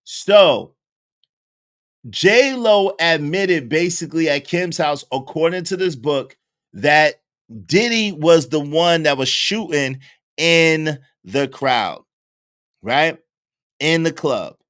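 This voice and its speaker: A man hosting casual commentary, recapping a book and acting out the people in it with lively storytelling. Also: a little high, slow pace. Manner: animated storytelling, acting out quoted voices. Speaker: host.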